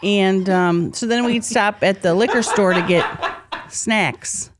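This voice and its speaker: A woman's voice: mid-range voice, slow pace, noisy background. A woman in her forties from St. Louis, a podcast guest telling easygoing, wry stories in a casual chat. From St. Louis, Missouri.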